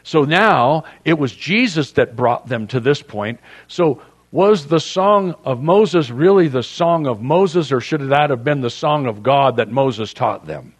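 A man's voice: mid-range voice, expressive, unhurried, hardly any pauses. A man preaching a sermon as a pastor, in a conversational, joking storytelling manner.

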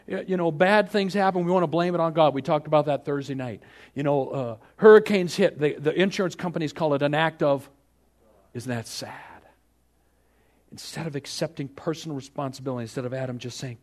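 A man preaching a sermon, asking the congregation rhetorical questions and swinging from hushed to loud. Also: a little high, lively intonation, brisk. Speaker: pastor.

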